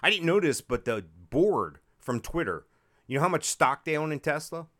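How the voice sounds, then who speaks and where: A man's voice: a little high, big pitch swings, normal speed, a bit bright. A man co-hosting a casual podcast chat, joking and wry, rambling through restarts. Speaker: podcast co-host.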